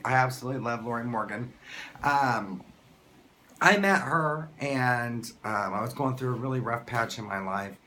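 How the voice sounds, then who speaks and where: Excitable man, bright gushing voice. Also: mid-range voice, moderate pace, a little hiss or hum. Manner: excited and gushing, with many restarts. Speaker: vlogger. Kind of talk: casual storytelling to camera.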